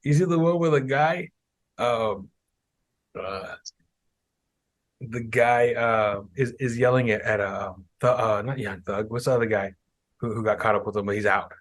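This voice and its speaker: A man's voice: measured pace, long pauses, dry recording. Casual young man telling stories. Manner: animated storytelling, mimics people in higher voices. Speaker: podcast host. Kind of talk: casual chat.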